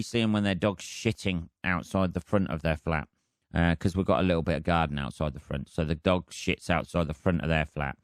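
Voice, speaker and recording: A man with a deep, low voice rambles through a casual solo podcast, swearing freely in a dry, deadpan manner. The recording is close and dry, with no room sound. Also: moderate pace, dry recording. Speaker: comedian and podcast host.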